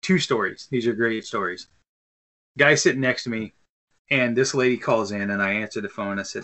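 A man's voice: lowish voice, brisk, bright, forceful tone. A man in his thirties co-hosting a casual podcast chat, telling long rambling stories with lots of fillers and restarts. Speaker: podcast co-host. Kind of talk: casual chat over beer.

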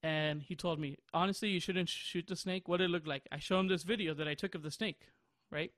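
A high-voiced young man in his twenties rambles through a story on a podcast, often breaking into laughter. The sound is dry and close, with no room around it. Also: fairly even intonation, brisk, a bit bright, dry recording. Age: 20s. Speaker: podcast host. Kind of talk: casual chat.

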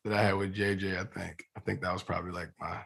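Give me a man in a casual interview, relaxed and rambling, stopping and restarting. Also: low voice, fast, gravelly, husky. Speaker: actor being interviewed.

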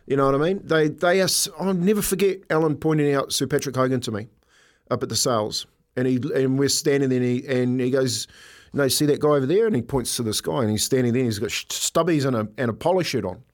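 A man's voice: medium pitch, fast. Chatty older man. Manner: chatty storyteller, laughs often. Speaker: co-host. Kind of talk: casual radio chat.

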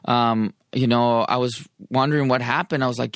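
A man's voice: medium pitch, fairly even intonation, no room sound, studio quality. Blunt, profane man telling his story. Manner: blunt, profane, street slang, fast bursts. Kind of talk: casual conversation.

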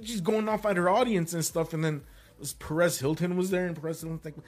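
A young comedian, appearing as a guest, tells a story in casual conversation, talking fast in a high-pitched voice. He's animated and constantly peppers his speech with "bro" and "like."

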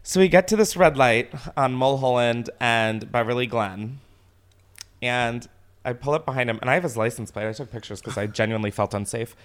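A man casually telling a story as a podcast host, animated, swearing often and laughing as he talks. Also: medium pitch, a little fast, smooth.

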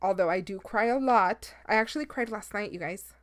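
Candid young woman podcaster, smooth voice. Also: medium pitch, a little fast, dry recording. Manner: emotional, candid and chatty, drops Spanish words. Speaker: podcast host. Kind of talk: casual solo podcast chat.

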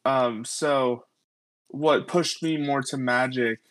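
Man, podcast guest, slow hesitant talk, dry close sound. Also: mid-range voice, steady tone, fairly bright tone, no echo, low-quality recording. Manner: unhurried, hesitant with many fillers. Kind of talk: casual podcast chat.

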